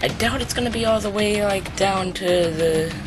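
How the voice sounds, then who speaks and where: A young man giving casual, rambling commentary on a shooter game, mocking himself and loudly taunting the enemies. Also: sits high, normal speed. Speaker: gaming YouTuber. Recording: game music playing behind the voice.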